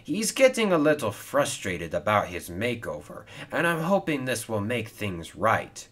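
A man's voice: on the low side, huge pitch swings, measured pace, a bit bright, exaggerated voice. A man doing a kind, helpful steam engine. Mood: earnest.

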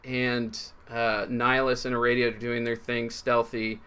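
A man's voice: medium pitch, flat delivery, sharp tone, clean tone. Guy running a tabletop game, lots of ums and restarts. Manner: halting, with many fillers and restarts. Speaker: game master.

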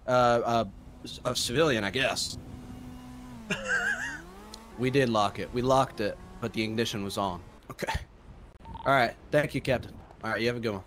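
A man's voice: mid-range voice, moderate pace, pauses often, fairly bright tone, slight background noise. A man playing a police partner in an online role-play game, swearing animatedly and switching into Spanish phrases.

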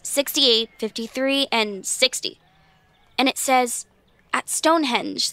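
A quick-witted girl adventurer who loves math puzzles in a family audio drama. Her voice is high, bright and lively. It is recorded dry and close. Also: no echo. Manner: quick-witted, problem-solving. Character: Molly, clever brainy girl adventurer.

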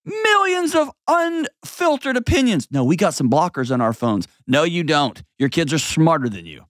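A man's voice: medium pitch, lively intonation, moderate pace, dry recording, studio quality. A man in his forties hosting an advice show, talking emphatically and bluntly, with mocking put-on voices and heartfelt stories. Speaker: host giving advice. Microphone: studio mic.

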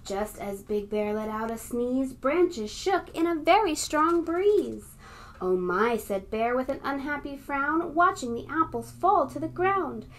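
A librarian reading a picture book aloud to young children and leading them in a game. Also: female voice, on the high side. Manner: warm, encouraging, talks to young kids.

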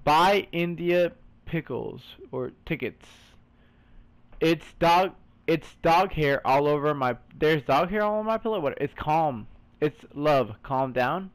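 An excitable man commenting on a game he is playing, his voice high and swinging wildly between calm murmurs and yelps. He exclaims, swears freely and calls everyone "bro". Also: slow pace. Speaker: gaming streamer. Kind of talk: let's play commentary.

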